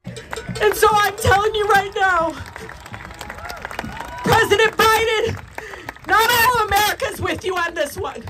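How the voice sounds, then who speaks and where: A woman's voice: very high voice, a little slow, pauses often, over loud music, over a noisy crowd, poor audio. A woman giving an impassioned public speech, emotional and tearful, raising her voice at times.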